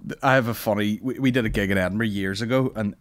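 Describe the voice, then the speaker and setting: Male podcast host, low-pitched, rambling, profane comic storyteller. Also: fast talker. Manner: rambling storytelling, swears a lot, laughs often. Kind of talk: casual comedy banter.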